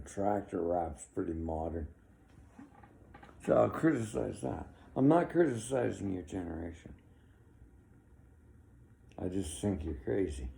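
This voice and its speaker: Man, 60s, rambling opinionated rant, dark gravelly voice. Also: low voice, a little hiss or hum. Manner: ranting, opinionated, chuckling. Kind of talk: rambling monologue.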